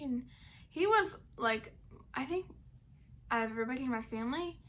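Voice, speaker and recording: A woman's voice: on the high side, expressive, quick pace, a bit bright, slight background noise. Young woman rambling with filler words. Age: young adult. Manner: rambling, heavy use of "like" and "um". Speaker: vlogger. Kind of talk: casual personal storytelling.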